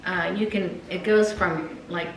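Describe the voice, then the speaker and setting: An older woman chats casually in a soft, hesitant way, full of small pauses. Her voice is on the lower side. The room echoes around her. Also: steady tone, slight background noise. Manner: soft-spoken, hesitant, with ums and uhs. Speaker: guest, the host's mother. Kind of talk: casual chat.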